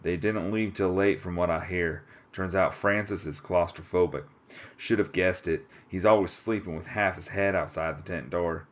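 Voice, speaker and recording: A gruff, folksy cowboy drawls in a put-on Texas accent, as a man reading a storybook acts him out. The voice sits low and unhurried. The audio is a little muffled and lo-fi. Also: close to an everyday voice. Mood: drawling. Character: gruff Texan cowboy climber, drawling, plainspoken.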